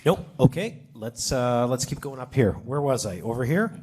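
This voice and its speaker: A man moderating a public town hall, directing speakers with brisk, informal calls. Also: medium pitch, expressive, darkish tone, a little hiss or hum. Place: large indoor hall.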